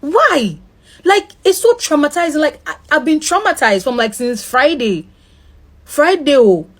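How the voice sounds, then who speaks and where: A woman's voice: sits high, animated, measured pace. A young woman, telling how a driver threatened her, shaken and then indignant. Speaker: victim telling her story. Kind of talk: emotional personal account.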